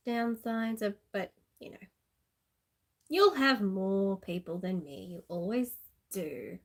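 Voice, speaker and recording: A woman's voice: medium pitch, expressive, takes it slowly, long pauses. A woman with an Australian accent chatting casually and sarcastically on a live stream, laughing often.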